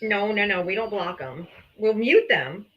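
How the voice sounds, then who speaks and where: A woman's voice: medium pitch, animated, measured pace, dull audio, faint music behind. A woman hosting a political livestream, combative and taunting, calling out viewers to come up and talk. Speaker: livestream host.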